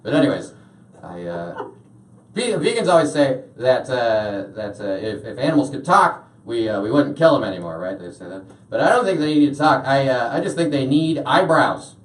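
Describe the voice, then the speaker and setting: A man's voice: medium pitch, sing-song, moderate pace. A young man doing a stand-up set, rambling with lots of filler uhs. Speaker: stand-up comedian. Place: small washroom used as a stage. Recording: echoey room, voice from far off.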